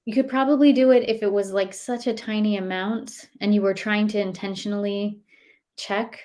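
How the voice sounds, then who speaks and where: A woman's voice: medium pitch, fairly even intonation, moderate pace, darkish tone. A woman in her thirties, a nutritionist guest, chatting casually and telling stories with many fillers and acted-out quotes. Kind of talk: casual interview chat.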